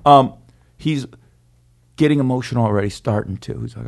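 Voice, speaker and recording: A man telling a rowdy story in a casual podcast chat, animated and swaggering, acting out the people he describes. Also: medium pitch, fairly quick, creaky. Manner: animated, swaggering storyteller who acts out the people in his stories. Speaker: podcast co-host.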